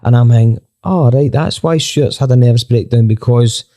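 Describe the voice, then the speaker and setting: A Scottish man, a band member on a podcast, telling a lively anecdote with plenty of swearing and acted-out dialogue. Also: mid-range voice, moderate pace. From Scotland. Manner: animated, swears freely, acts out quoted dialogue. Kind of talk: casual storytelling anecdote.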